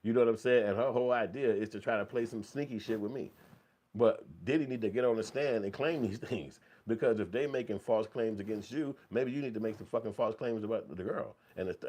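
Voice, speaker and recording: A man's voice: lowish voice, lively intonation, brisk, dark tone. A man giving heated, profanity-laden commentary in a blunt, repetitive rant.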